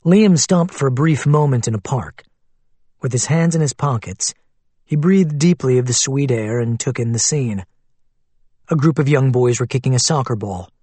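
A man reading a novel aloud in measured, descriptive scripted narration. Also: medium pitch, lively intonation, mellow, slightly rough, no echo. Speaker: audiobook narrator.

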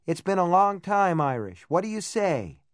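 A man's voice: high-pitched, big pitch swings, slow, no room sound, studio quality, voice pushed up, exaggerated voice. Man doing a teasing, coaxing young woman. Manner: playful, coaxing.

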